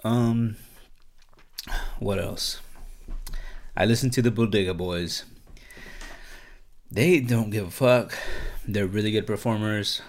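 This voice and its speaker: A man's voice: on the low side, takes it slowly, long pauses. A man hosting a casual solo podcast, rambling and swearing a lot, with plenty of "like" and "um". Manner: profane, rambling, lots of "like" and "um". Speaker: podcast host.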